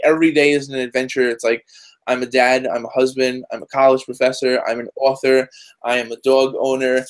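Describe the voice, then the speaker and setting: A man talking as a guest in a casual interview over a video call, rambling excitedly and dropping lots of fillers. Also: medium pitch. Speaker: guest, journalist and game voice actor.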